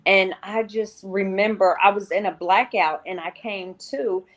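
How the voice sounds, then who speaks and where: A woman's voice: mid-range voice, fairly even intonation, a little slow. A woman guest on an interview show, telling her personal recovery story in a candid, rambling way and often quoting herself.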